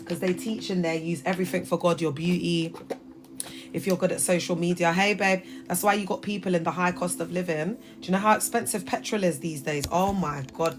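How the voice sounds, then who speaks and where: A woman in her thirties hosting a casual livestream from her phone, talking emphatically and addressing viewers directly. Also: on the low side. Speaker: livestream host.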